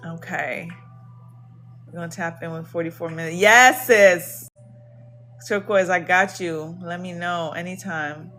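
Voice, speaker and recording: Woman livestream host with a lilt, bubbly and slangy, soft music under her. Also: medium pitch. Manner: bubbly, slangy, greets viewers by name. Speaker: livestream host giving card readings. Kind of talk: casual livestream chat.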